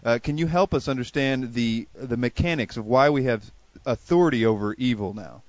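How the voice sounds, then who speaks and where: A man's voice: mid-range voice, normal speed, a little mellow, no room sound, muffled recording. A man hosting an interview, asking his questions in searching, hesitant phrasing. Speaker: host.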